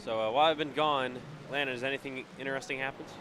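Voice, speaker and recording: A man's voice: mid-range voice, fast talker, noisy background. Stuffed-up man calling a sim race. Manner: relaxed and chatty, with frequent fillers. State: stuffed-up, congested voice. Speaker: sim racing commentator and stream host. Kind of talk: casual live race commentary.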